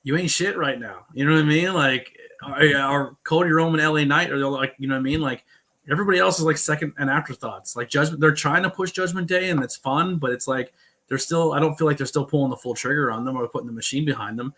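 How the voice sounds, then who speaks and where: A man co-hosting a casual wrestling watch-along podcast, giving relaxed, opinionated takes in quick bursts. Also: fairly high pitch. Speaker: podcast co-host.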